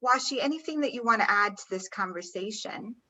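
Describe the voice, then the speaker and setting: A woman's voice: fairly high pitch, expressive, brisk, sharp tone, rough recording. A woman hosting an interview, speaking in an effusive, admiring way. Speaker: host.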